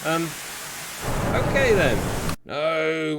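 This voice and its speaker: A man commentating on a simulated air and sea battle, excitable and sarcastic, talking straight to his viewers. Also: a little high, slow pace, pauses often. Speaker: war game commentator. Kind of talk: live gameplay commentary. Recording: steady hiss behind the voice.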